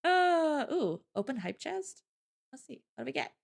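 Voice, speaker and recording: A woman hosting a live stream, chatting casually, loud and laughing often. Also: high voice, very animated, normal speed, vocal fry. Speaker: streamer host.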